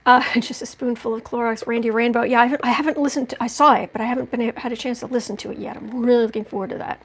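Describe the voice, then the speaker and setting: A woman's voice: a little high, steady tone, very fast, a little hiss or hum. A woman hosting a casual livestream tarot reading at home, chatting in a rambling way with many restarts and asides. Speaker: tarot reader and livestream host. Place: at home indoors.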